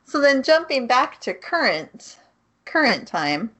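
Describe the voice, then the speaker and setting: A woman's voice: high voice, sing-song, slow pace, fairly bright tone. A woman co-hosting a podcast, recapping an anime in casual chat, matter-of-fact with giggles. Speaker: podcast co-host.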